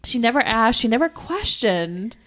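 A woman in her forties chatting casually, telling a story bluntly with quick asides. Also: fairly high pitch, big pitch swings, a bit bright. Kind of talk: casual chat.

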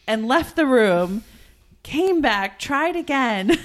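A woman in her forties chatting casually, telling a story bluntly with quick asides. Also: high voice, lively intonation. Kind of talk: casual chat.

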